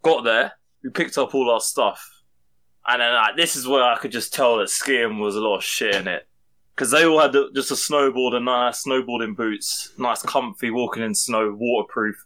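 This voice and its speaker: A young man tells a story in casual podcast chat. His voice sits at an ordinary middle pitch. He is animated and laughs and swears as he goes. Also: moderate pace. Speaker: podcast co-host. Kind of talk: casual storytelling among friends.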